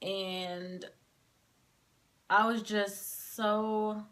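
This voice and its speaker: A woman's voice: mid-range voice, flat delivery, very slow, fairly bright tone. A young woman casually telling a personal story to camera, filling her talk with "like" as she relives it. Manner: casual, heavy use of "like", emotional retelling.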